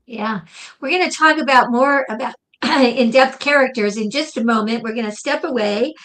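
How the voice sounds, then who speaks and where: A woman's voice: fairly high pitch, moderate pace, a bit bright, a little hiss or hum. A woman co-hosting a talk radio show, speaking in an upbeat and encouraging way. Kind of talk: casual radio chat.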